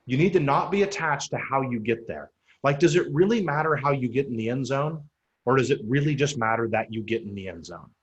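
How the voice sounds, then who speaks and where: A man in his forties, a real estate coach, giving a motivational talk to agents. He speaks in punchy, emphatic lines, repeats key points for effect, and jumps high and loud when he quotes people. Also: highs cut off.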